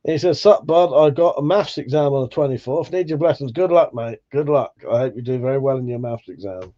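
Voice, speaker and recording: A man's voice: mid-range voice, a little fast, dark tone, lo-fi sound. A man hosting a livestream, chatting casually and reading out viewer comments, swearing freely and laughing at himself. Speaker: livestream host.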